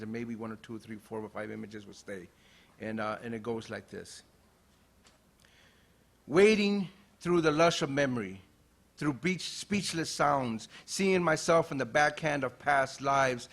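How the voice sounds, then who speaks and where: A poet from Los Angeles, a man, gives a relaxed, conversational introduction and then reads his verse in a measured, declamatory way. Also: mid-range voice. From Los Angeles, USA. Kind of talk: poetry reading with spoken introduction. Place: university lecture hall.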